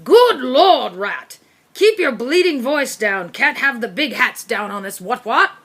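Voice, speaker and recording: A woman's voice: a little high, sing-song, measured pace, fairly bright tone, breathy edge, voice pushed up, heavily acted. A woman voicing a pompous, blustering male corgi brigadier, who barks "what?" after his sentences in a storybook reading.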